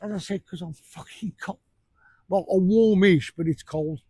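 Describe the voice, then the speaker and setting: A man, talking casually for a fishing vlog in a blunt, sweary, ranting way, outdoors on a beach at night by rough surf. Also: sits high, moderate pace, warm tone, no echo. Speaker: fishing vlogger.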